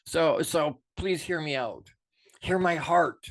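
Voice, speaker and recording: A middle-aged man delivering an off-the-cuff motivational talk with fervent passion. His voice sits a touch high for a man, and he drops quiet and low for reflection, then surges up to push a point hard. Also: slow. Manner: passionate, preachy, swings from soft to emphatic. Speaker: motivational show host.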